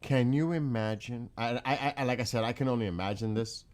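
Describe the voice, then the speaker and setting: A man's voice: mid-range voice, a little fast. A man hosting a casual live stream who reacts with frequent exclamations. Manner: excitable, exclaims often. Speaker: host.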